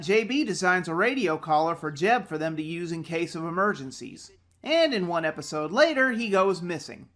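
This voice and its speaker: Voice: medium pitch, animated, moderate pace, a bit bright. A show reviewer giving casual commentary, sarcastic and prone to ranting.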